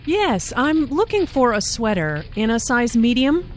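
A woman's voice: on the high side, big pitch swings, unhurried. A woman playing a pleasant, decisive customer shopping for clothes in a scripted lesson dialogue. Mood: pleased. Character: cheerful adult female clothing shopper. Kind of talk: scripted role-play dialogue.

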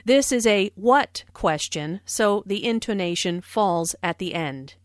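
A woman reading a scripted English lesson, explaining phrases slowly and clearly. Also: mid-range voice, animated, dry recording, studio quality. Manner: slow, clear, carefully enunciated. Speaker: English teacher. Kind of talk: scripted language lesson with dialogues.

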